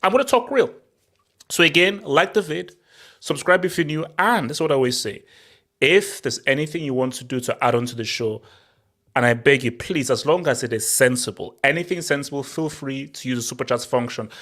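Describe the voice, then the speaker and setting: A man's voice: mid-range voice, brisk, a bit bright. A man hosting a casual football talk show, brash and ranting, repeating himself for emphasis. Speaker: show host.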